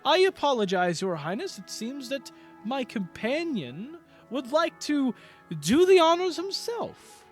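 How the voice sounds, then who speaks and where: Man doing a cheeky young adventurer, high sing-song voice, smug, teasing, swooping pitch. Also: big pitch swings, unhurried, soft background music, full character voice.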